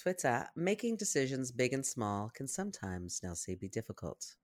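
Podcast co-host, casual chat, wry, calm, mid pitch. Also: normal speed. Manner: wry, calm, reads listener posts aloud.

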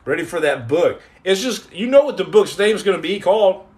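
A man's voice: animated, brisk, a little mellow. Joking man chatting with his live viewers. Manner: joking, teasing, slangy, trails off into low mutters. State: on house arrest. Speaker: podcast host reading live chat. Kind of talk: casual live-stream chat.

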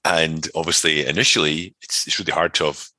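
A man's voice: a bass voice, fairly even intonation, brisk, sharp tone, no room sound. A man, a personal trainer, telling his story as an interview guest in a rambling way, full of fillers and restarts.

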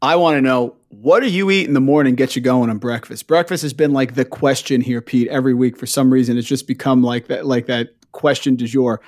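A man's voice: medium pitch, fairly even intonation, brisk, hardly any pauses, darkish tone. A man hosting a podcast, asking questions in a friendly, joking way. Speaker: podcast host. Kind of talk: casual podcast chat.

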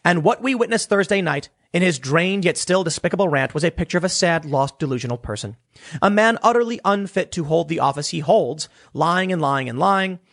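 A man's voice: a little high, lively intonation, a little fast, gravelly, fairly bright tone. A man giving opinionated political commentary, emphatic and sarcastic, often restarting his words.

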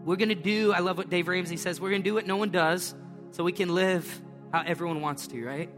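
A man's voice: sits high, fairly even intonation, a little fast, a bit bright. A middle-aged man preaching a conversational sermon as pastor, emphatic and folksy, repeating his phrases. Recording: reverberant hall with faint music.

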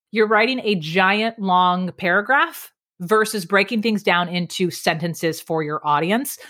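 A middle-aged woman guest on a podcast, explaining speaking tips in an energetic, emphatic way, varying her pace and pitch. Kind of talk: lively podcast interview.

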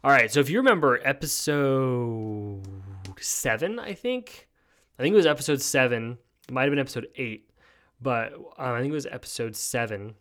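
A man's voice: mid-range voice, animated, moderate pace, a bit bright. A man hosting his own podcast solo, giving casual, joking commentary on news stories in a laid-back way that is full of "dude.". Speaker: podcast host.

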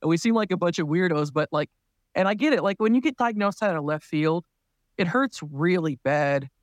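A man's voice: sits high, expressive, brisk, dry recording. A man who is a clown and a parent, a podcast guest telling a story in casual talk and laughing often as he goes.

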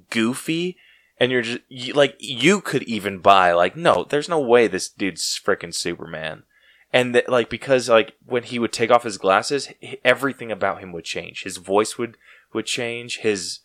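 A man hosting a casual podcast chat, excitable and full of "like" fillers. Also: medium pitch, unhurried, no echo. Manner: excitable, heavy use of "like" fillers. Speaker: podcast host.

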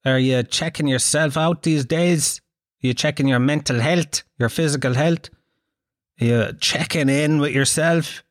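A man's voice: a little high, unhurried, dry recording, studio quality. A man in his thirties with an Irish accent, hosting a podcast in a rambling, sweary, self-mocking comic monologue. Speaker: podcast host.

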